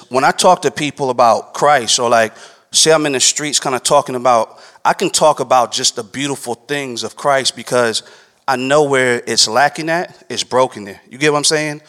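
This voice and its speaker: A man's voice: mid-range voice, fairly bright tone. A man giving a conversational sermon, checking in with listeners and repeating scripture lines. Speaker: preacher. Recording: long hall reverb.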